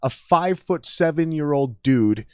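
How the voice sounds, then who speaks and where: A man's voice: on the high side, lively intonation, a little slow, darkish tone, clean tone, no echo, clean studio sound. A man hosting a casual podcast, arguing his point bluntly and emphatically with lots of swearing. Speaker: podcast host.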